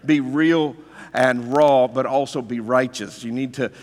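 A man's voice: medium pitch, steady tone, a little slow. Man preaching in a reverberant hall. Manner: conversational, emphatic storytelling with rhetorical questions. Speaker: pastor. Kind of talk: sermon.

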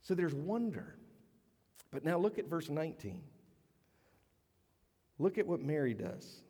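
A man preaching a sermon to his congregation, animated and storytelling, acting out voices in his stories. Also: on the high side, measured pace, breathy edge, big-room sound. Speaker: pastor. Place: church sanctuary.

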